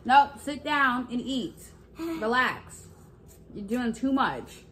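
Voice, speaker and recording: A woman's voice: a little high, expressive, slow, fairly bright tone, slight background noise. A woman in a casual vlog, playfully scolding a toddler and talking to viewers. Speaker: parent vlogger. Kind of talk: casual prank vlog talk.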